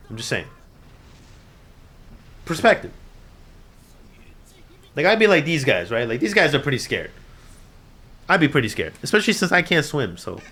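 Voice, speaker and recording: A man reacts casually and animatedly to an anime episode, swinging from mumbled asides to loud outbursts with frequent laughter. His voice is fairly low, with slight background noise.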